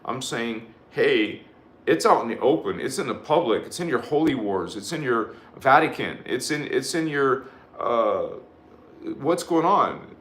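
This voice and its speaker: Slow, emphatic spiritual preacher man. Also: mid-range voice, animated, fairly bright tone, reverberant. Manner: emphatic, repetitive, leads chanted affirmations; rambling with frequent restarts. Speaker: spiritual teacher hosting a live show. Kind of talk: live spiritual sermon.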